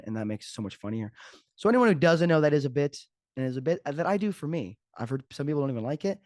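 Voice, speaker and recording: On his solo podcast, a fitness coach talks casually and jokes spontaneously. His mid-range voice is a little mellow, and the sound is clean studio audio with no room sound.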